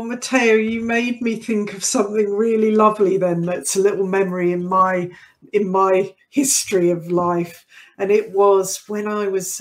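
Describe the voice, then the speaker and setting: A middle-aged woman hosting a podcast, chatting in a conversational way with frequent fillers and easy laughter, and closing with a scripted outro. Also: fairly low pitch. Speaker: podcast host.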